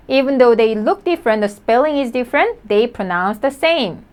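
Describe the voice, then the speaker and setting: A woman teaching a language lesson, her voice sitting a little high. She speaks patiently and repeats each word slowly for learners. She keeps a cheerful, encouraging tone. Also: expressive.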